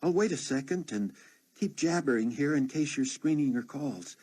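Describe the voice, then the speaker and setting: Dude voicing a bubbly young flight attendant, high chatty voice, rambling a bit. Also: male voice, expressive, normal speed, warm tone, breathy edge.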